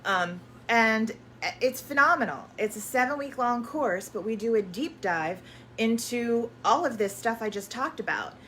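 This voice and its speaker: A woman's voice: a little high, lively intonation, unhurried, fairly bright tone, a little hiss or hum. A woman spiritual energy coach in casual promotional chat, effusive and affirming, often repeating herself and using uplifting self-help language.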